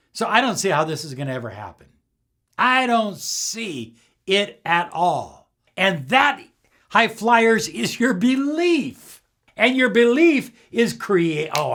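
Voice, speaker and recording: A man speaking as a life coach to his viewers, emphatic and animated, acting out the voices of clients he quotes. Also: a little high. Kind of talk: motivational talk to viewers.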